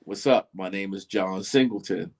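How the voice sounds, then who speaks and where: A gravelly, deep-voiced middle-aged man recounts a story at a moderate pace during a casual interview. As the guest, he is lively and acts out the voices of the story's characters.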